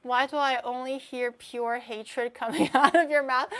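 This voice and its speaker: A young woman streamer from Canada talks casually in a slightly high voice. She rambles, breaks off mid-word to restart, and laughs at herself as she goes. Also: steady tone, measured pace, hardly any pauses, fairly bright tone. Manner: rambling, with many restarts and fillers; giggly, self-deprecating. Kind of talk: casual chat.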